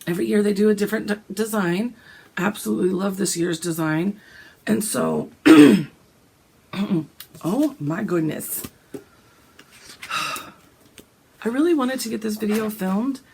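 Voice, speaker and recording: A woman, hoarse and gravelly from a cold, chatting casually about her cross-stitch plans and often clearing her throat. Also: fairly quick, darkish tone. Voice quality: gravelly, deep. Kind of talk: casual chat.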